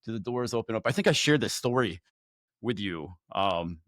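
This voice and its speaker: A man guest on a faith podcast, telling a personal story in a candid, animated way, often repeating words and restarting. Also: on the low side, moderate pace, dry recording. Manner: animated storyteller who acts out his own thoughts.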